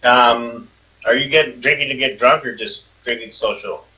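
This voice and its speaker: A man narrating a tabletop game as game master, halting and full of fillers. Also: medium pitch, sharp tone, low-quality recording.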